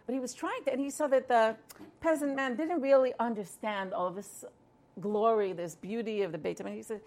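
Female storyteller, gravelly and slightly high, chatty with restarts. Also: fairly quick, a little mellow. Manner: conversational, with fillers and restarts. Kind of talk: storytelling talk.

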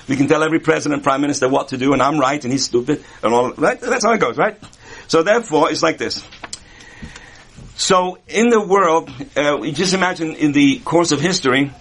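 Man, Torah teacher, fairly high voice, chatty lecture, joking asides. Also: breathy edge. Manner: conversational, humorous asides and rhetorical questions. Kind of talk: Kabbalah lecture.

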